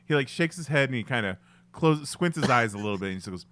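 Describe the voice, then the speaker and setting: A man's voice: medium pitch, lively intonation, fast, a bit bright. A man co-hosting a podcast in casual chat, laughing and playfully mimicking the people in the story. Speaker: podcast co-host.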